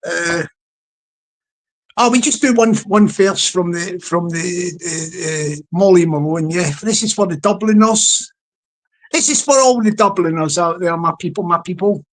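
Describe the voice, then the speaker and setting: A man hosting a casual live stream, rambling through repeated shout-outs to his chat. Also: high-pitched, a little slow. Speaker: livestream host.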